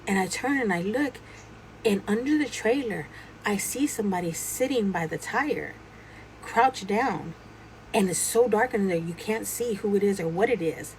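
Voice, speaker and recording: A woman's voice: medium pitch, a little hiss or hum, rough recording. A woman casually telling a true ghost story, acting out the dialogue as she goes. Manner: animated retelling, acting out quoted dialogue.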